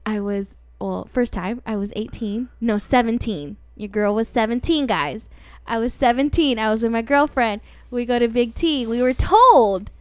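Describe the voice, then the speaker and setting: A woman in her twenties co-hosting a casual chat, telling stories in an animated way and laughing often. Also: high-pitched, smooth, dry recording, studio quality. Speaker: podcast co-host.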